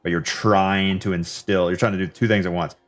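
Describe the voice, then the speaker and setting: A man's voice: low voice, fairly even intonation, brisk, soft background music. A man chatting casually as a co-host, bluntly pushing back and questioning. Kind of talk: casual chat.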